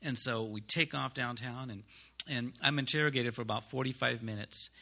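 Bright-voiced man telling a testimony. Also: medium pitch, creaky. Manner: halting, many pauses and restarts. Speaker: missionary. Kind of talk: spoken testimony to a congregation.

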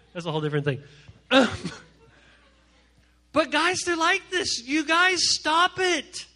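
A man preaching to a youth group from a stage, animated and joking as he acts out the voices of the people he quotes. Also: extremely high pitch. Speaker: youth pastor. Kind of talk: energetic comic sermon to a youth group. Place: stage before a live audience.

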